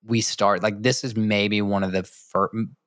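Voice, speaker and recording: A man with a low voice talks excitedly through his points, looping back with lots of "like" and "um". The recording is dry and close. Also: measured pace, dry recording. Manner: rambling, enthusiastic, lots of fillers. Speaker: podcast co-host. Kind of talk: casual chat about a cartoon.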